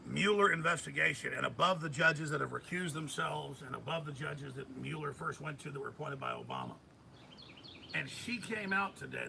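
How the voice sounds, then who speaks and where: Gravelly, emphatic man ranting. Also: a little high, bright, forceful tone, a little hiss or hum, low-quality recording. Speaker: radio host. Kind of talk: heated political commentary.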